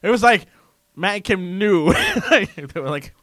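A man's voice: high-pitched, a little slow, no echo. A man co-hosting a podcast in casual banter, telling stories with lots of laughter. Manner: laughing, animated storytelling. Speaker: podcast co-host.

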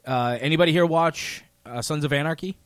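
A man's voice: a little high, a little fast, dry recording. A man co-hosting a radio show, cracking dry jokes in casual studio banter. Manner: dry, wisecracking.

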